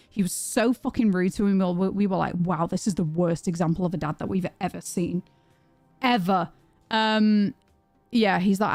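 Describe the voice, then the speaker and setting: A young woman streams from home in a slightly low voice at a normal pace, chatting casually with her viewers. She's animated, swears, and reads their messages aloud. The audio has no echo, with faint music in the background.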